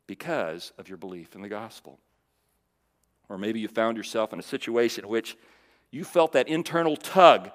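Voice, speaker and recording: A man preaching in a church hall, his voice sitting a little high and rising and falling widely as he swings from loud emphasis to hushed lows. He talks conversationally, checking in with his audience. A long reverb trails behind every word. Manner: conversational, with fillers and restarts, asks the audience questions. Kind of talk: sermon.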